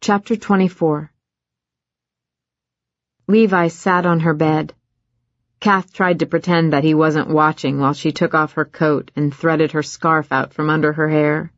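A woman reading a novel aloud in measured scripted narration, on dry, slightly muffled audio. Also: low voice, fairly even intonation, no echo.

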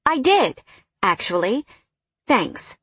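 A woman voicing a reserved, awkward young woman who answers in short, plain words, in a storybook read with a husky voice. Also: a little high, very animated, slow pace, a bit bright, no echo, voice pushed up, full character voice. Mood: reserved, terse. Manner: terse, plain-spoken.

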